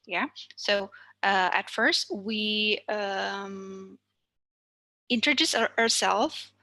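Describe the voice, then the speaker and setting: Slow, bright-voiced woman teacher with Indonesian accent. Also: mid-range voice, no room sound. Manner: slow, careful teaching with many fillers. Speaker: language teacher. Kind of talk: online class lesson.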